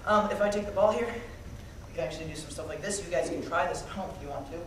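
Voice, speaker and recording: A man's voice: fairly high pitch, quick pace. A man doing a jokey, playful magic show for a young audience at a camp, talking to the kids and calling up volunteers. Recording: echoey hall, distant mic, loud crowd and noise.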